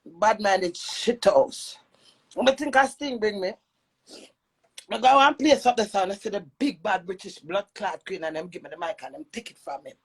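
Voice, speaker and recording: A Jamaican woman with a high voice delivers a brash, cursing rant. She swings between loud shouts and low mutters. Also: husky, low-quality recording. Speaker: social media personality.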